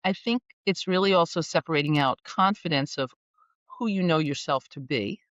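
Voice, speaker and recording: A woman coach talks with animated, playful energy and a love of wordplay. Her voice comes through muffled and a little dull. The room sounds dry, with no echo. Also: sits low, normal speed. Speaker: guest executive coach. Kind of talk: conversational podcast interview.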